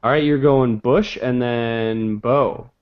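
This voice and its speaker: A man's voice: medium pitch, steady tone, takes it slowly, smooth, dull audio. A man hosting a casual live game show, joking and keeping score as he calls on each player.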